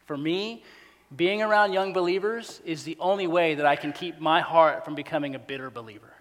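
A man preaching a sermon as pastor, dropping to near-hushed asides and rising to loud, emphatic, repeated phrases. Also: fairly high pitch, a little fast, long reverb tail.

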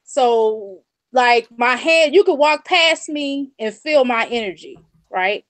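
A woman's voice: a little high, animated, slow pace, fairly bright tone, dry recording. A woman on a candid panel, a Reiki practitioner, speaking with amused giggles.

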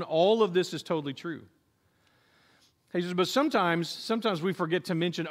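High-voiced animated male preacher. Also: a little fast. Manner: animated storytelling, acts out quoted voices, jokes with the congregation. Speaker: pastor. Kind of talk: sermon.

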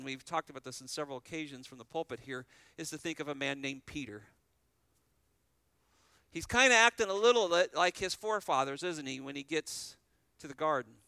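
Male preacher, slightly high and very clear tone; earnest sermon delivery, asks the congregation questions. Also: pushed and bright, dry recording. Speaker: pastor.

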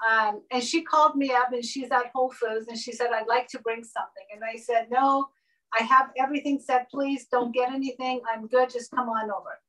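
Animated woman telling a story over a video call. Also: a little high, brisk. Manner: animated, acts out quoted dialogue. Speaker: guest. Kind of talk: casual storytelling interview. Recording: voice somewhat distant from mic.

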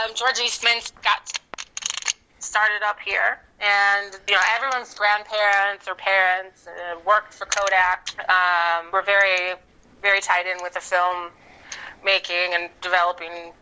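A woman, an actress, chatting as a podcast guest in a relaxed, easygoing way with plenty of fillers. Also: mid-range voice, slow pace, slight background noise, rough recording. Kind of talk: casual interview chat.

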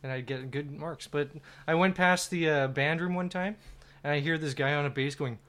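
A man's voice: a little high, moderate pace, a bit bright. A man co-hosting a podcast, laughing often and telling school stories in casual chat. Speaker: podcast co-host.

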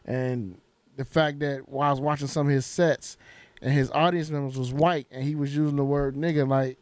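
Brief: male co-host, mid-pitched, dry close voice, easygoing rambling delivery. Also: moderate pace, dry recording. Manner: relaxed, rambling with fillers. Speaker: podcast co-host. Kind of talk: casual chat.

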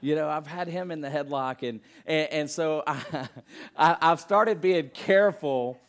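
A young man preaching a conversational sermon, telling family stories in an animated way with frequent restarts. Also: fairly high pitch, a little slow.

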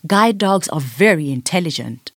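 A woman voicing a proud father who explains facts in a calm, matter-of-fact way. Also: lowish voice, moderate pace, no echo, clean studio sound.

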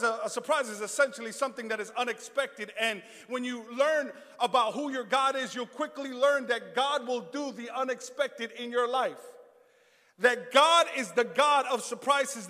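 A man in his thirties preaching a sermon, telling a funny story and then shouting his points. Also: very high-pitched, moderate pace. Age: 30s. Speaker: pastor. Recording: long reverb in a hall.

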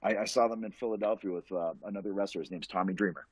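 A professional wrestler guesting on a podcast speaks in a low, steady, husky voice at a very fast clip, with no echo and dull audio. He tells an animated story in casual chat, eager and rambling, restarting often.

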